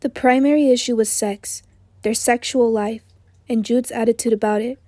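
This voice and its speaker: A hoarse woman narrating an audiobook in a measured, even literary reading. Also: fairly high pitch, no echo, studio quality.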